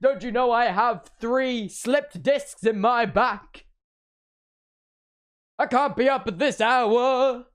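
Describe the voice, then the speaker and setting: A young man doing a grumpy father who has just been woken before dawn and complains in an indignant, drawn-out way. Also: very high voice, a bit bright, smooth, exaggerated voice.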